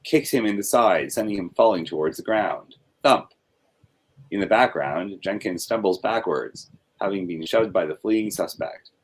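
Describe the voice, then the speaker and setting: A man reading comic script panel descriptions aloud in a flat read-through, breaking off for offhand critiques. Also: deep voice, normal speed, husky.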